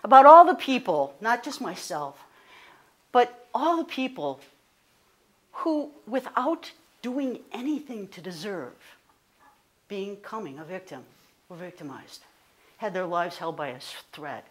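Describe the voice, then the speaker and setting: A woman, a guest speaker telling a personal story in an animated, conversational way, full of fillers and self-corrections. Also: medium pitch, unhurried, pauses often. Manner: animated, rising to indignant.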